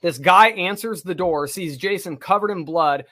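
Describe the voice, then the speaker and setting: A man, a podcast co-host, telling a long personal story in casual talk, animated and swearing freely. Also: sits high, normal speed.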